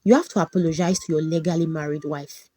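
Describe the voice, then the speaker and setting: A man's voice: a little high, fairly even intonation, quick pace, warm tone, lightly acted. A woman voicing a solemn, commanding male pastor in a folktale. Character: stern man of God, a pastor.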